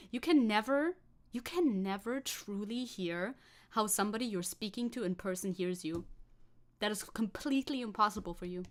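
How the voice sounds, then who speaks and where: A woman chatting on a live stream, rambling and scatterbrained, laughing often between thoughts. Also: medium pitch. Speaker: VTuber streamer. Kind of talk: casual live-stream chat.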